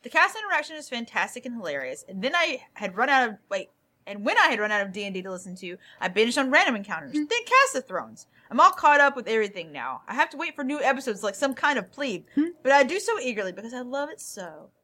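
A woman co-hosting a casual comedy podcast, giggling her way through listener reviews. Her voice is high and bright, with wide, lively swings in pitch. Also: fast. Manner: giggly, laughs often.

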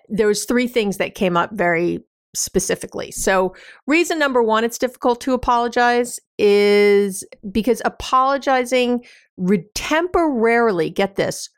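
A woman with a mid-range voice hosts an advice podcast, recorded dry with studio quality. She explains things casually and conversationally, leaning on everyday examples and plenty of fillers.

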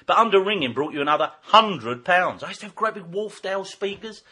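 A man's voice: high voice, animated, a little fast, sharp tone, slightly rough. An older man in casual chat, telling rambling anecdotes from his shop days and often breaking into laughter. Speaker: guest recalling work in a record shop.

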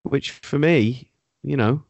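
A man's voice: mid-range voice, slow, creaky, darkish tone, no room sound, lo-fi sound. A man hosting a podcast, talking through TV shows in casual, wry, sometimes sweary banter. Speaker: podcast host. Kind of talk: casual chat.

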